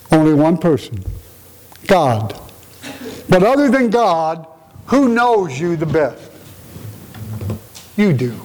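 A man's voice: fairly high pitch, very animated, takes it slowly, long pauses, darkish tone, low-quality recording. A man preaching a conversational sermon in an earnest, emotional way, often asking rhetorical questions. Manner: emotional, tender-hearted delivery.

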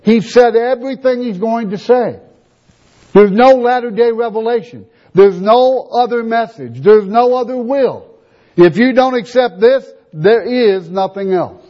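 A man's voice: very high-pitched, a little slow. A man preaching a sermon, emphatic, reading scripture and repeating rhetorical questions. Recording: dull lo-fi recording.

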